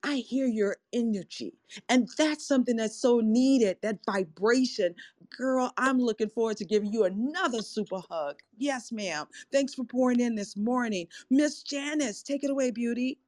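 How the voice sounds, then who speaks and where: A woman's voice: on the high side, moderate pace, darkish tone, no room sound, clean studio sound. Effusive woman hyping up a room. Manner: effusive, cheerleading. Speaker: room moderator. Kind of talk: upbeat hype hosting.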